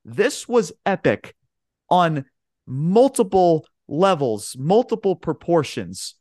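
Excitable swearing man, higher voice. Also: slow pace, no echo, studio quality. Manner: excitable, swears often, says "bro" and "man"; rambling play-by-play retelling. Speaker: podcast co-host. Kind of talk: casual chat.

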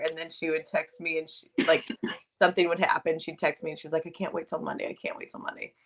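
A woman's voice: low-pitched, lo-fi sound. A woman co-hosting a podcast, telling a story casually, acting out quotes, laughing and swearing along the way. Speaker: podcast co-host.

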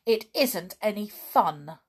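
A woman voicing a sulky, hot-tempered young boy who cheats at games, talking in whiny, indignant shouts. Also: mid-range voice, lively intonation, slow, breathy edge, voice pushed up, heavily acted.

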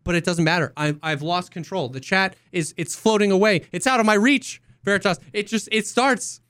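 A man co-hosting a casual podcast, talking in an animated, rambling way with many restarts and mock voices. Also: sits high, moderate pace, smooth, no room sound, clean studio sound. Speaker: podcast co-host and streamer.

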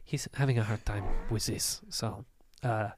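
A man's voice: on the low side, fairly even intonation, unhurried, a little mellow, slight background noise. A man narrating a tabletop game as game master, rambling with many hesitations and frequent laughs.

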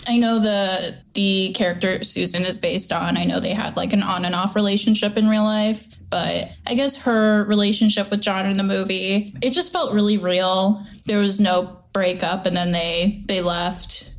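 A woman's voice: medium pitch, fairly even intonation, moderate pace, hardly any pauses. A woman chats about a film on a podcast. She says "like" often and lets her sentences run loosely. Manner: uses "like" a lot, loose phrasing. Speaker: podcast co-host. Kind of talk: casual podcast film discussion.

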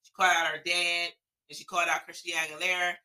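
A woman's voice: on the low side, little pitch movement, fast, bright, forceful tone, low-quality recording. A woman co-hosting a podcast, chatting casually and giving blunt, opinionated takes with some swearing. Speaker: podcast co-host. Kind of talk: casual chat.

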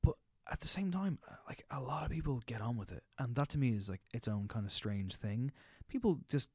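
A man's voice: mid-range voice, expressive, fairly quick, darkish tone, husky, dry recording, studio quality. A man in casual conversation, rambling through his thoughts with lots of fillers and swearing. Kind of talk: casual chat.

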